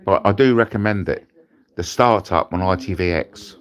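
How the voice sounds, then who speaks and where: A man's voice: low-pitched, normal speed. A British man hosting a rambling livestream from his bed, crude and jokey, swearing freely. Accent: British English. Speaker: host. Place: in bed at home.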